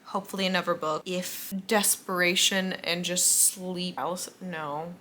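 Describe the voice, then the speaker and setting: A woman's voice: fairly low pitch, fairly even intonation, a little slow, bright, forceful tone, a little hiss or hum. Sleepy, chatty young woman vlogging late. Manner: chatty, self-mocking, yawning. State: sleepy, tired. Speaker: book vlogger. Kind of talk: casual late-night vlog chat. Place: at home indoors.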